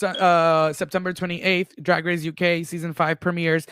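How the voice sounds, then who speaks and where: A man co-hosting a podcast, wrapping up the episode in loose casual chat, laughing often and filling pauses with "um". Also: a little high, flat delivery, fairly bright tone, clear, resonant tone, dry recording, clean studio sound. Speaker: podcast co-host.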